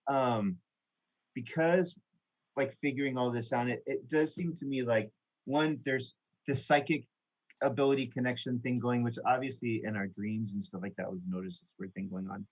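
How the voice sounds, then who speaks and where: A man rambles hesitantly as a player in a tabletop game. His pitch sits in the middle, and his voice comes through dull, lo-fi audio. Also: fairly even intonation, normal speed. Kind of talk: casual chat during a tabletop game.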